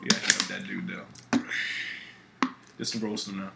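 A man's voice: on the low side, flat delivery, measured pace, gravelly, very noisy. A young man co-hosting a casual podcast, teasing and swearing in loose banter, recorded in a roomy, echoey room. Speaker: podcast co-host. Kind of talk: casual chat.

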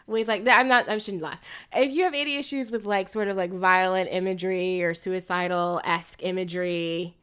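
A young woman co-hosts a casual film podcast, rambling with many fillers and restarts and laughing often. Her mid-range voice, at normal speed, sounds pushed and bright with a clean tone.

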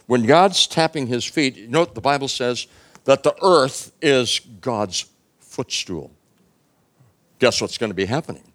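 Brief: male preacher, mid-pitched, loose animated storytelling with fillers. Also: unhurried. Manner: animated, casual, humorous retelling with many fillers. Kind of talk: sermon storytelling.

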